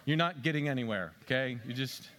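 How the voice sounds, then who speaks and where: A man preaching a sermon as a pastor, conversational and self-mocking, with jokes, swinging between loud emphatic bursts and low quiet stretches. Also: brisk.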